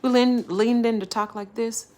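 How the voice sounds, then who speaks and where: A woman vlogging casually, telling a story in a chatty, animated way and laughing often. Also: a little high, normal speed. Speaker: travel vlogger.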